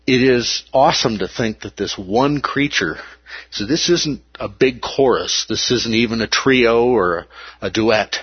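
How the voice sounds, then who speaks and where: A man's voice: mid-range voice, unhurried, slightly rough, dry recording, dull audio. A man preaching a sermon, emphatic and repeating key words for weight.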